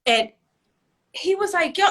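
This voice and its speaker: Animated, bright-voiced woman, casual and swearing. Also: very high voice, unhurried. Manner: animated, swears freely, laughs often. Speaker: podcast co-host. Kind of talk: casual chat.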